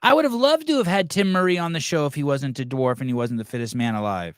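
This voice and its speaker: A man's voice: fairly high pitch, expressive, fast, no echo, studio quality. A man hosting a podcast, ranting crudely and mocking people in whiny voices. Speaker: podcast host. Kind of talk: crude comedic rant to live chat.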